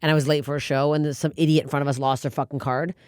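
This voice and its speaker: A woman's voice: sits low, rapid-fire, no echo, clean studio sound. A woman comedian, a guest on a podcast, telling stories in casual chat with lots of swearing. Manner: animated, profane storytelling.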